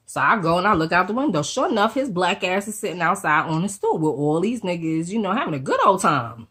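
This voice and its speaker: A woman getting over a cold, telling a personal story to her viewers in an animated, profane, slangy way. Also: on the low side, fairly quick, few pauses, slightly rough. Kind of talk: casual storytime vlog.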